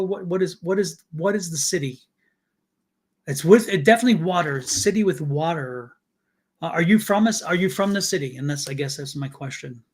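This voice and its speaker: A man doing a live psychic reading, searching for impressions and thinking aloud in broken fragments. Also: high voice. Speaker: psychic tarot reader.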